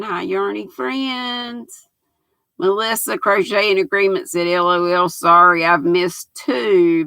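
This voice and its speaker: A woman's voice: medium pitch, gravelly, bright, forceful tone, dry recording, rough recording. An older woman, hosting a livestream in a folksy, chatty way, reading out comments from her viewers. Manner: folksy, chatty, laughs often. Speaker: livestream host.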